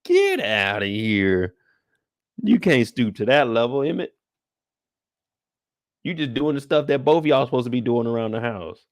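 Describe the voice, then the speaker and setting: A young man riffing through a live after-show breakdown in loose, slangy talk, cracking jokes and calling out the characters by name. His voice is pitched in an ordinary middle range. It sounds dry and close, with almost no room echo. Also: normal speed, long pauses. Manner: slangy, joking, talks straight to the characters. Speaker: TV recap host.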